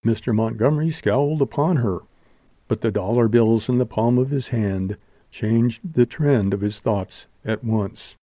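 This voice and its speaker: A man narrating an audiobook in a measured, even reading. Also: mid-range voice, no echo. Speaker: audiobook reader. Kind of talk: scripted narration.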